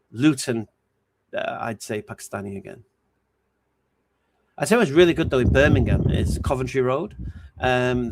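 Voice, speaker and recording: A man answers his viewers' questions on a livestream. His voice is gravelly, and a steady hiss of background noise runs under it. He talks in a loose, unhurried way, stopping often to think before he answers. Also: mid-range voice. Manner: relaxed and hesitant, with many ums and restarts. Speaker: livestream host. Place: home streaming setup.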